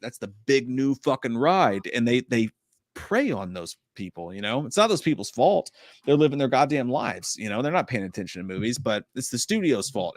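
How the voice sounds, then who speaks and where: A man co-hosting a casual movie livestream, reading out viewer comments and answering with animated, profane talk. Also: medium pitch, no room sound, studio quality. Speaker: podcast co-host.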